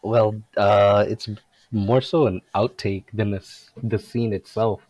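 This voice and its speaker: A man's voice: fairly low pitch, flat delivery, slow, darkish tone, no echo, poor audio. A man, a former cast member, telling a funny story from the set in casual chat, laughing often.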